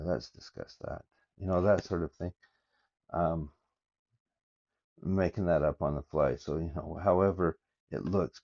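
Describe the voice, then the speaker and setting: Older man, low dark voice, lo-fi phone. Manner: reads verses aloud with halting, thinking-aloud asides. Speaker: scripture study vlogger. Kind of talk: casual scripture study talk. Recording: dull lo-fi phone recording.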